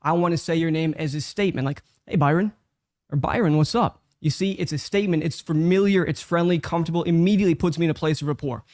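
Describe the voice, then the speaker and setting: A man with a slightly high voice gives direct, instructive feedback as a judge. His voice sits dry and close to the mic. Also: very fast, few pauses, a little mellow, dry recording. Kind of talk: critique.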